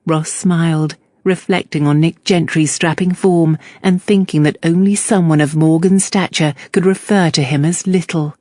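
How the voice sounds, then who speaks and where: An audiobook narrator reading a historical romance with steady, even storytelling. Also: medium pitch, moderate pace, few pauses, dry recording. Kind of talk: scripted narration.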